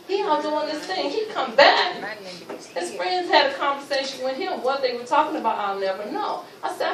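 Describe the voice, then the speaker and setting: A woman's voice: high-pitched, expressive, moderate pace, crowd noise. A woman giving an emphatic personal testimony at a luncheon, acting out the voices of the people in her story. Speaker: speaker sharing her testimony. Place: luncheon venue, roomy hall. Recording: echoey room, distant, with noise.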